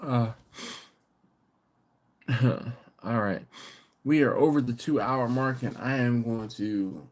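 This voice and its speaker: A man's voice: medium pitch, slow pace, pauses often. A tired middle-aged man hosting a casual late-night live stream, chuckling and bantering in a laid-back, slangy way as he reads viewer comments. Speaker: barbecue channel host.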